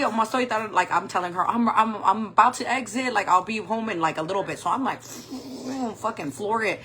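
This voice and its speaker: A woman's voice: mid-range voice, moderate pace, a bit bright, faint music behind, rough recording. A woman in her forties telling a story casually while doing her makeup on a livestream, swearing a lot and laughing often. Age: 40s. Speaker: makeup vlogger.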